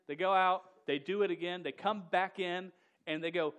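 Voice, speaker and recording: Male preacher, higher register; casual, emphatic delivery with frequent restarts and slang. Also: moderate pace, a bit bright, clear, resonant tone. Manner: slangy, says "dude" and "man". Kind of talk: sermon.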